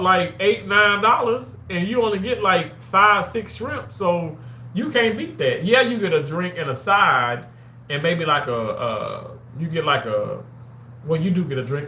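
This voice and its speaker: A man chatting casually with his live-stream viewers, rambling and animated, now and then bursting into loud excited shouts. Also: a little high. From Mississippi. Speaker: vlogger reading live chat. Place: outdoors on a walk. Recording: roomy, with faint ambient noise.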